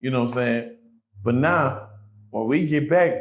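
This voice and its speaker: A man telling a story as a podcast guest, animated and swearing freely, acting out what people said. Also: mid-range voice, unhurried. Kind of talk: casual storytelling.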